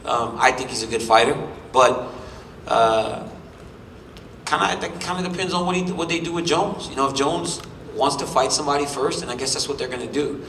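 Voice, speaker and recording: A champion fighter in his thirties takes questions at a press conference, speaking a little fast in a medium-pitched, creaky, fairly bright voice. Boastful and joking, he trash-talks his rivals. He's heard from a distance in a roomy hall with slight background noise.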